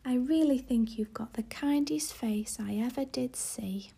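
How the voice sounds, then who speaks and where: A woman reading aloud voices a sweet, loving little girl in a soft whisper, as whispered role-play. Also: sits high, unhurried, vocal fry.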